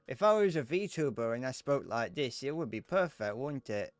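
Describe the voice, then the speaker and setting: Lively young man streaming games. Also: mid-range voice, normal speed, hardly any pauses, no room sound. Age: 20s. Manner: joking, swearing, chatting to viewers. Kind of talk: casual live gameplay chatter.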